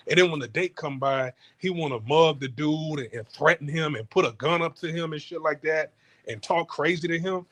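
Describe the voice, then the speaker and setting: A man's voice: medium pitch, fairly quick, a bit bright. A man ranting in a casual, heated monologue, swearing often and stumbling over repeated words. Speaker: podcast host. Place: home in Houston.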